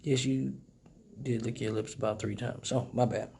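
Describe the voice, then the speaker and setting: A man's voice: mid-range voice, fairly even intonation, normal speed, creaky, darkish tone, breathy edge. A man hosting a casual live stream, talking loosely and profanely, joking with viewers. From Michigan.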